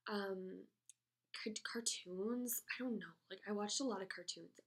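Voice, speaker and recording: A woman's voice: mid-range voice, gravelly, fairly bright tone. A young American woman vlogger answering tag questions in casual chat, rambling and hesitant with lots of "like" and "um". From United States.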